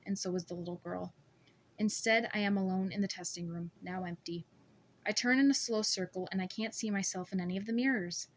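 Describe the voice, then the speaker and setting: A woman reading a first-person novel aloud as an amateur audiobook, steady and measured. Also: mid-range voice, slight background noise. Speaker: audiobook reader.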